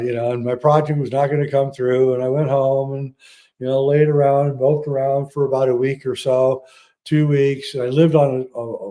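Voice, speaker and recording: Mellow-voiced man telling a story. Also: mid-range voice. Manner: animated, acts out dialogue. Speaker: filmmaker guest. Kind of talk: personal storytelling.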